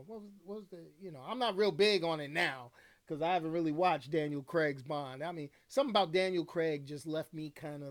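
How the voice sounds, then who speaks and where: Slangy, rambling man streaming solo. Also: sits high. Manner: slangy, rambling, fond of filler phrases. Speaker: host of a livestream talk show. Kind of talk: casual livestream chat.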